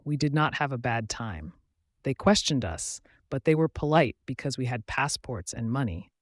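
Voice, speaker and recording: A man reading a novel aloud in the first person, with measured, clear narration. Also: mid-range voice, no room sound, clean studio sound. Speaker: audiobook narrator.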